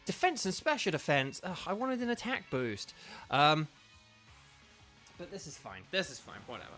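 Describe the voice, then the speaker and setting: A man's voice: a little high, wildly swooping pitch, normal speed, pushed and bright, soft background music. A man streaming a video game, chatting casually and drifting between the game and his viewers' comments. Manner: chatty, digressive, reads chat aloud. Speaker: gaming streamer and voice actor.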